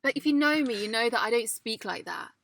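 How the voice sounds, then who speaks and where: A woman's voice: on the high side, animated, fairly quick, gravelly, a bit bright, no echo. A young woman co-hosting a casual chat, candid and self-mocking, often amused. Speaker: podcast co-host. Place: parked car.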